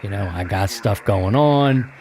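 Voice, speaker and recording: A man's voice: fairly low pitch, a little slow, a little mellow, soft background music. A man hosting a radio-hobby podcast in a loose, rambling, casual chat with many fillers. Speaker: podcast host.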